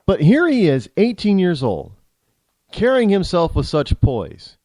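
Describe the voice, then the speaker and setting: A man's voice: high voice, wildly swooping pitch, unhurried, dark tone, dry recording. A middle-aged man hosting a talk show, telling an opinionated story bluntly, with frequent restarts. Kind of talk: storytelling monologue.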